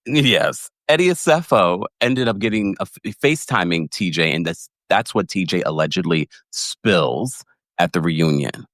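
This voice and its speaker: A man with a fairly low voice hosts a podcast, his pitch leaping around as he dishes gossip with a playful grin. The sound is dry and close. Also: lively intonation, normal speed, fairly bright tone, no echo. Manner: gossipy, playful, laughs often. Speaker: podcast host. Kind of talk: casual chat.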